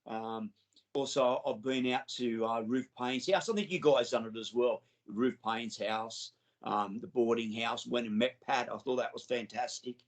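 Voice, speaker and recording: A man's voice: medium pitch, steady tone, moderate pace, rough recording. An Australian man, a guest on an interview show, telling enthusiastic, rambling stories with many restarts. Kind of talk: casual interview storytelling.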